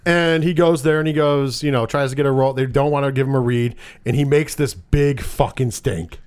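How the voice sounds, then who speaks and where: A man casually recapping a film plot with a co-host, animated and acting out the characters' lines. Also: mid-range voice, brisk, smooth. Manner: animated retelling with put-on quoted voices, laughs often. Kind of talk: casual movie recap chat.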